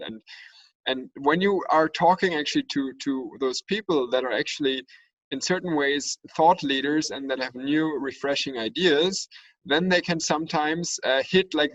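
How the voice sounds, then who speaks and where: A man's voice: mid-range voice, fairly bright tone, dry recording, distant mic, dull audio. A man co-hosting a podcast, talking earnestly in casual discussion and often searching for his words. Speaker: podcast co-host.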